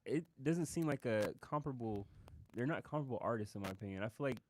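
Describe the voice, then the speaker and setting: A man's voice: mid-range voice, animated, quick pace, a little mellow, slight background noise. A man co-hosting a casual talk podcast, blunt and teasing in his opinions. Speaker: podcast co-host. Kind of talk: casual debate chat.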